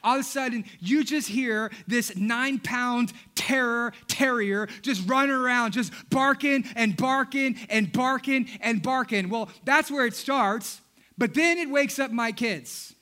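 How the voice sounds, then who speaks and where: Bright high-voiced pastor joking. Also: male voice, unhurried. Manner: humorous storytelling, talking directly to the congregation. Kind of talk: sermon. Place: church.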